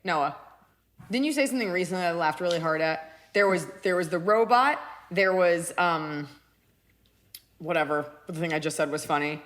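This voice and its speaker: A woman in her forties, a comedian hosting a live podcast, telling stories in an animated, chatty way. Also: fairly low pitch. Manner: animated, storytelling, quick to jump into voices. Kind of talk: casual comic chat at a live show.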